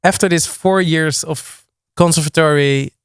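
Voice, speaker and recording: A young man talks casually as an interview guest, often stopping and restarting his sentences. His voice is smooth and resonant, recorded close and dry with no room sound. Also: fairly high pitch, fairly even intonation, a little slow, no echo. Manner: hesitant, many restarts and fillers. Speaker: guest music producer.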